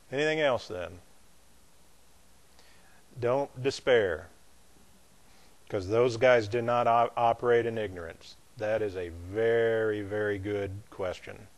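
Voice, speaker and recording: A pastor, a man, teaching a Bible class in a loose, conversational way, with restarts and asides to his students. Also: on the low side. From not from the American South.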